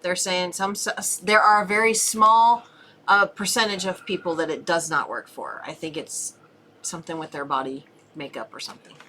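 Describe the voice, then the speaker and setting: A woman's voice: fairly low pitch, moderate pace, sharp tone, a little hiss or hum. A middle-aged woman co-hosting a homesteading channel, chatting casually and reading viewer questions aloud. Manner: conversational, interjecting with short agreements.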